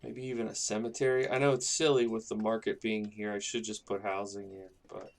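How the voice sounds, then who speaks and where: A man's voice: mid-range voice, normal speed, vocal fry, slight background noise. A man casually commenting on his own gameplay, rambling and thinking aloud as he builds a town. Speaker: gaming YouTuber.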